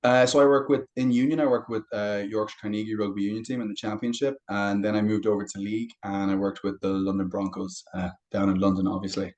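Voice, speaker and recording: A young adult man, a fitness coach guest on a podcast, talking casually and telling stories in a relaxed way. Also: fairly low pitch, quick pace, few pauses, lo-fi sound. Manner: relaxed storytelling with anecdotes. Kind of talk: casual interview chat.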